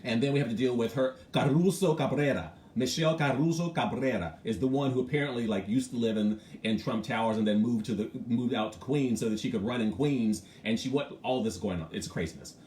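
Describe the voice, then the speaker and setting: A man with a middle-pitched voice hosts a loose morning stream and greets viewers by name while he talks. His delivery is frank and animated. The sound is roomy and echoey, with a faint hum of ambient noise. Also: quick pace, hardly any pauses. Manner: chatty, greets viewers by name between thoughts. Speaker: host of a morning live stream. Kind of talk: casual live-stream commentary.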